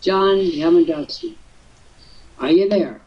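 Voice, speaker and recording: A man's voice: a little high, slow pace, distant mic. An older man hosting a live webcast talk show, telling stories expansively with theatrical asides. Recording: husky voice from off-mic, muffled lo-fi audio.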